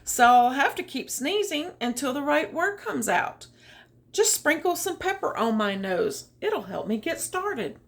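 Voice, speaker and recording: A woman voicing a kindly, sneezy old male ragman in a storybook, speaking in a gentle, soothing way. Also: high voice, big pitch swings, measured pace, voice pushed up, exaggerated voice.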